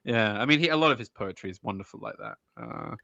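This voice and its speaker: A man talking on a video-call stream in a casual chat, excitable, with many hesitant restarts. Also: medium pitch, fast, creaky, dry recording, lo-fi sound. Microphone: desk mic on a video call.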